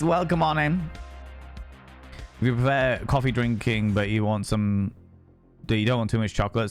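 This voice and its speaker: A young man streaming and chatting casually, rambling from topic to topic, swearing freely and greeting viewers by name. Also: mid-range voice. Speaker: streamer reading chat. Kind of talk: casual chat.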